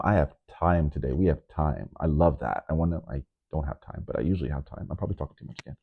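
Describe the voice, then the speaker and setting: A man vlogging in a rambling, animated way, nervous on camera, who keeps jumping into sudden high, loud bursts. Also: quick pace, gravelly, few pauses, husky. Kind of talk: casual vlog monologue. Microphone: microphone. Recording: narrow phone-like sound.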